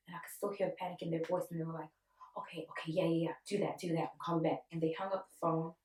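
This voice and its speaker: A woman in her twenties tells a personal story in an emotional, animated way, acting out the voices of others. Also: low voice, fast. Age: 20s. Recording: echoey room, voice from a distance.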